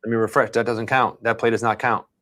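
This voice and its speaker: A man's voice: mid-range voice, flat delivery, fast, fairly bright tone. A man co-hosting a casual live sports stream, reading stats aloud in a chatty, matter-of-fact way.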